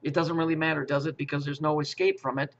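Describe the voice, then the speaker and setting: A man's voice: a little high, little pitch movement, fast talker, fairly bright tone. Man ranting with stammered restarts. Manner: profane, repetitive, with stammered restarts and rhetorical questions. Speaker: conspiracy commentator. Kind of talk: rambling monologue. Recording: muffled lo-fi audio.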